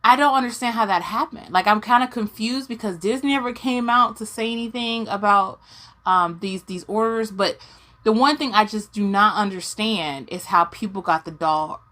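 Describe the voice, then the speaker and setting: A woman's voice: medium pitch, normal speed, pushed and bright. A young woman vlogging about doll collecting, telling a long story in a casual rant and acting out her own confused reactions.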